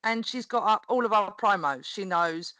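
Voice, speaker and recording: A woman's voice: medium pitch, moderate pace, no room sound, rough recording. A woman, a podcast guest, chatting casually and animatedly, laughing often as she tells a story. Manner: animated, laughs often, acts out quoted voices. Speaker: podcast guest, wrestling promo performer.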